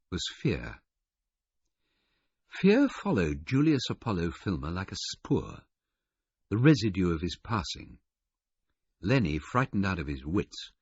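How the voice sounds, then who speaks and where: A man narrating a first-person audiobook with a husky voice and a measured, understated delivery. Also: low-pitched, no echo. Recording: muffled lo-fi recording.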